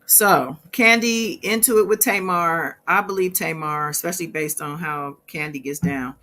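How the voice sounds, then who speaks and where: Sassy chatty woman with a bright voice. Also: low-pitched, normal speed. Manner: sassy, chatty, laughs often. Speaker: host of a celebrity gossip channel. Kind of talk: casual reaction commentary.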